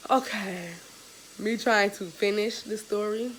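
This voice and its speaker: A young woman vlogger telling a story in a casual, animated, slangy and profane way. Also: mid-range voice, a little slow, background noise.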